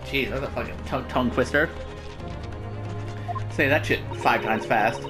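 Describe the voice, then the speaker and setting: A woman's voice: very deep voice, normal speed, pauses often. A woman reading through a game and making casual, profane, joking asides as a let's-play host. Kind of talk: game playthrough commentary. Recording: game music in background.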